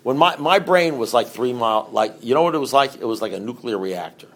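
A man's voice: medium pitch, lively intonation, brisk, a bit bright. A middle-aged man giving a rambling, conversational recovery talk to a group and asking his listeners questions. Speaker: speaker at a recovery meeting.

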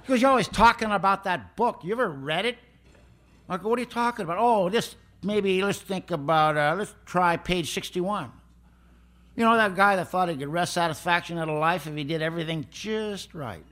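A man putting on a blunt older priest, higher voice. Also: normal speed, fairly bright tone. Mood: scolding. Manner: scolding, lecturing.

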